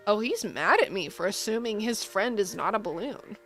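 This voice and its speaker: A woman's voice: medium pitch, expressive, normal speed, hardly any pauses, fairly bright tone. A woman giving playful, teasing commentary as she plays a video game. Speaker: gaming video creator. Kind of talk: casual gameplay commentary. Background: faint game music.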